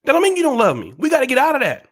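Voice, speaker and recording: Animated, profane ranting man. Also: extremely high pitch, rapid-fire. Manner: emphatic, profane, repetitive, preachy. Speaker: channel host. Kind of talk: ranting commentary to viewers.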